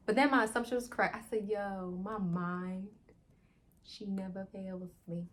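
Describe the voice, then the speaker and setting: A young adult woman vlogging a casual movie review, retelling scenes in a slangy, excitable way full of "like". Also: medium pitch, normal speed.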